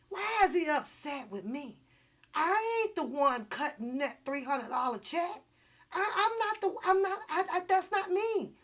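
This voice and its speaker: High-voiced woman ranting teasingly. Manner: animated, profane, teasing, laughs often. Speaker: vlogger. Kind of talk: casual ranting livestream commentary.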